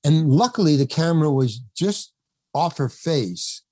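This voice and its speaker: A man's voice: on the high side, animated, a little slow, darkish tone, dry recording. An older man, an actor, telling a rambling backstage story in a podcast interview, acting out the quotes, laughing often and swearing now and then. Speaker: actor guest.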